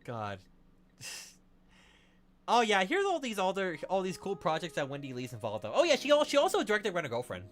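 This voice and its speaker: Young male streamer, animated and bright-toned, excitable, swears freely, casual chat with viewers. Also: high voice, moderate pace. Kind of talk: casual live-stream chat while drawing.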